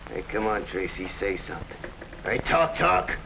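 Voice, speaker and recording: An actor playing a ruthless, scheming hired killer in an early TV crime drama, talking tough gangster slang. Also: male voice, fairly low pitch, sing-song, moderate pace, gravelly. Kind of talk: 1950s TV crime drama acting. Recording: dull old TV soundtrack with faint hiss.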